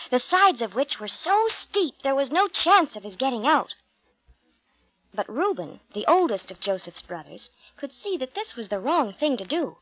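A woman narrating Bible stories from a storybook in a gentle, clear way. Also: sits high, dry recording, rough recording.

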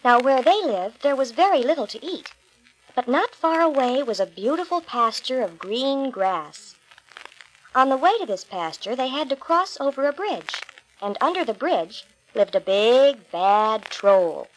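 A woman's voice: high-pitched, a little slow, a little hiss or hum, low-quality recording. Woman reading a fairy tale aloud. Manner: expressive, clear storybook delivery. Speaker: storyteller.

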